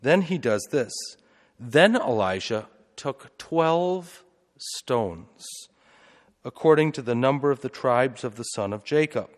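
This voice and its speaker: A male priest retells a scripture story in a sermon, with chatty asides and frequent rhetorical questions. His voice sits at an everyday middle pitch. The sound carries a long reverb, as in a church. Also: animated, slow pace.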